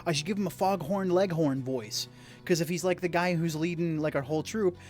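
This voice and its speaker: Higher-pitched guy streaming a game, reads the text out, rambles and chats with viewers between lines. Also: fairly quick, soft background music. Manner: chatty, rambling asides to viewers. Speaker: gaming streamer. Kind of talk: casual let's-play, reading game text aloud.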